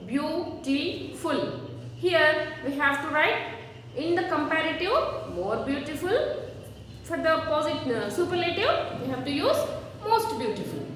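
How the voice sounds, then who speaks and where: Slow-spoken woman teacher in echoey room. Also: high voice, a bit bright, slight background noise. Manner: slow, repeats word forms for children. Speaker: schoolteacher. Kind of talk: classroom grammar lesson. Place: classroom. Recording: echoey room, far from mic.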